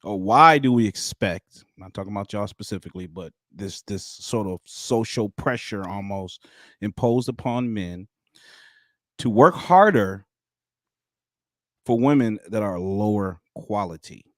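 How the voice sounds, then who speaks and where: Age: adult. Sex: man. Pitch: low. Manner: thoughtful, rambling. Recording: dry. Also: expressive, unhurried, a bit bright, no room sound. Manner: thoughtful, rambling, with many restarts. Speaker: live stream host. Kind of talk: casual live-stream commentary.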